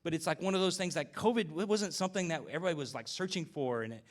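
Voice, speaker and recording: A male pastor giving a conversational sermon, telling relaxed stories full of fillers and asides. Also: fairly high pitch, rapid-fire.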